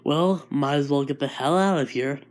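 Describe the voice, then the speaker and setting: A man's voice: fairly high pitch, moderate pace, lightly acted. Eager young alien-powered hero, casual and a bit awkward, voiced by a man. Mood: excited. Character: young hero turned alien, excited and kind.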